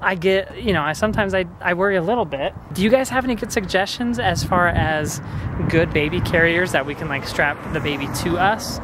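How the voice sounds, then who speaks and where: Young man, lively vlog storyteller, fairly high voice, faint street noise. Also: fairly quick. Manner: animated storytelling with laughs. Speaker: vlogger. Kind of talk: casual vlog chat. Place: outdoors on a busy street.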